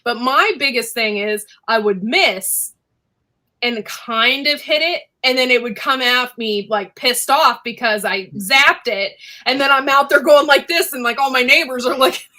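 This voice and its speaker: Bright-voiced chatty woman host. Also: high voice, measured pace, rough recording. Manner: chatty, laughs often. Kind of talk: casual live chat.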